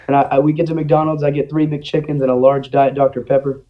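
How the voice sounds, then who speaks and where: Fast and with few pauses, a young man with a fairly high voice shares a personal story as a guest in casual chat, animatedly acting out quotes. The audio is dull and lo-fi.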